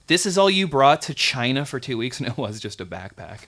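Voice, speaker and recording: A young man co-hosting a comedy podcast, telling an animated story and acting out other people's lines in casual chat. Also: mid-range voice, a little fast. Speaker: podcast co-host.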